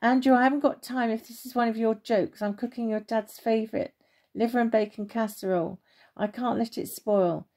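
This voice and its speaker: A woman voicing a brisk, impatient mother in a children's storybook. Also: a little high, fairly even intonation, warm tone, natural voice. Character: busy no-nonsense mother.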